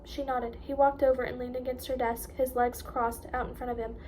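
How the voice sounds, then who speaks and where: High-voiced woman reading a novel aloud. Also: moderate pace, few pauses, a little hiss or hum. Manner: expressive, emotional reading. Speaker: audiobook reader.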